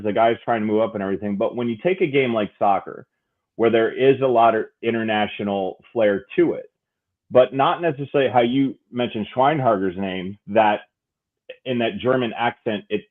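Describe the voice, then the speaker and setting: A man's voice: mid-range voice, narrow, tinny audio. A man who is an aspiring amateur play-by-play announcer asks a guest a long question, rambling and searching for his words. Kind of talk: asking a question on a talk show.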